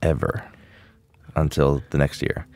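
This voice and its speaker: Very deep-voiced podcast host. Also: male voice, level tone, a little slow, darkish tone. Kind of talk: casual interview chat.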